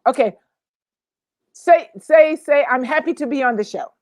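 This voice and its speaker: A playful woman co-host with a high voice chatters and laughs through a casual online show. She keeps slipping into joking accents. The sound is dry and close. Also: a little slow, no echo.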